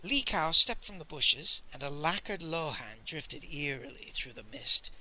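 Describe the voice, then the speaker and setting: A male audiobook narrator who reads in an animated storytelling style. His voice sits fairly high, with wide pitch swings and a sharp, bright tone. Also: measured pace, poor audio. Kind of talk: expressive audiobook reading.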